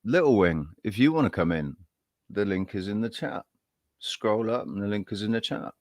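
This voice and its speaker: Friendly, rambling stream host, English man with a low voice and dry sound. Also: animated, normal speed, darkish tone, no echo. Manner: rambling, friendly, greets viewers by name. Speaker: livestream host. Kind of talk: casual live-stream chat.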